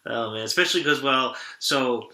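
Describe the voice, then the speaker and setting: A man's voice: medium pitch, pushed and bright. A young man co-hosting a sports talk podcast, chatting casually, rambling with lots of restarts and laughter. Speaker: podcast co-host. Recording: echoey room.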